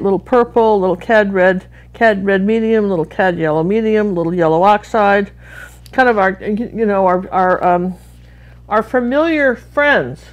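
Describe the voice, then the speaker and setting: A middle-aged American woman from Washington State, giving a chatty, rambling live painting lesson full of friendly asides. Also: mid-range voice. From Washington State, USA. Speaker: art instructor.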